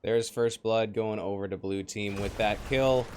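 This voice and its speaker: A man's voice: on the low side, a little slow. A man casting a video game match live, calling plays and reading chat. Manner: lively play-by-play, reads chat. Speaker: esports caster. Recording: slightly noisy online stream audio.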